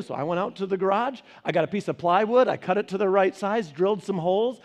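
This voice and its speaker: Speaking quickly in a high-pitched voice, a middle-aged man who pastors a Bible study gives a conversational sermon. He's an animated storyteller, recounting family tales and acting out the quoted voices.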